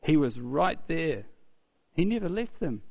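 A man's voice: a little high, very animated, a little slow, creaky, husky, lo-fi sound. A man preaching a sermon in a conversational, storytelling way, often asking rhetorical questions and repeating key phrases.

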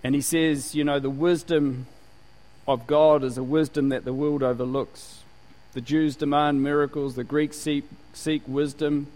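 A man from New Zealand delivers a lively sermon, his voice sitting a little higher than most men's. He keeps it animated, laughing now and then and dropping into mock voices to make his points. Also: a little slow, poor audio. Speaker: pastor.

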